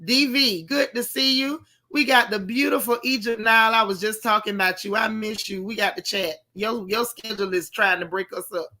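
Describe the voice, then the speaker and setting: A woman's voice: mid-range voice, steady tone, normal speed, hardly any pauses. A middle-aged woman hosting a casual livestream, greeting viewers one by one in a chatty, slangy way, her throat still recovering. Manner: warm, chatty, Southern-style slang, calls viewers y'all. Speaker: livestream host. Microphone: live stream mic with sound trouble.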